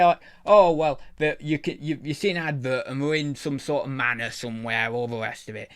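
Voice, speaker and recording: A man hosting his channel, chatting casually and rambling, often losing his thread. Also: a little high. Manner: rambling, loses his thread, mild swearing. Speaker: channel host, eBay reseller.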